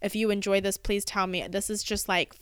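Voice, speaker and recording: A woman's voice: medium pitch, flat delivery, a bit bright, clear, resonant tone, dry recording, studio quality. A woman hosting a solo motivational podcast, delivering an impassioned, profanity-laced rant into a podcast microphone. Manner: impassioned, swearing, fast spurts. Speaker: podcast host.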